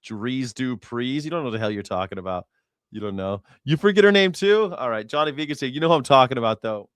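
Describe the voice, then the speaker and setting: A man's voice: medium pitch, expressive, fast, clean tone, dry recording, clean studio sound. A man hosting a live news reaction show, talking casually in a rambling, profane way and correcting himself as he goes.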